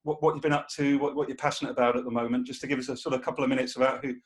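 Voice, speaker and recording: Quick, halting podcast host, a man. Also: mid-range voice, level tone. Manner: halting, repeats words while asking. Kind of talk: interview questions.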